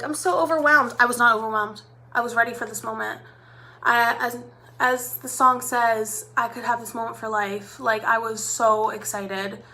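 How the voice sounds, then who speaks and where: A woman's voice: a little high, pushed and bright, a little hiss or hum. A chatty young woman doing a live makeup tutorial as a makeup artist, talking directly to her viewers in a bubbly way.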